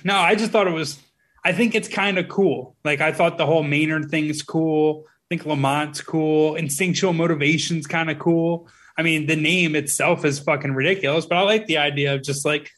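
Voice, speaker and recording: A man's voice: fairly high pitch, fairly even intonation, moderate pace, fairly bright tone. A man hosting a casual podcast, rambling, laughing and swearing freely. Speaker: podcast host.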